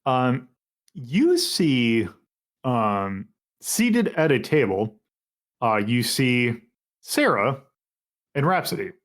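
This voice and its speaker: A man narrating as game master of a tabletop game in a halting, meandering way. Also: mid-range voice, very animated.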